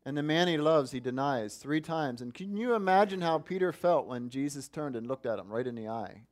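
A man's voice: fairly high pitch, animated, brisk. A man preaching a sermon, earnest and asking his listeners questions. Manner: earnest, asks the congregation questions. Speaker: pastor.

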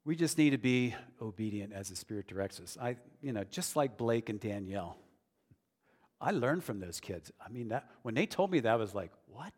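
Speaking at a normal pace in a fairly low, expressive voice, this male pastor delivers a sermon that feels earnest and conversational before rising into emphatic declarations. A large hall's long reverb colors the recording.

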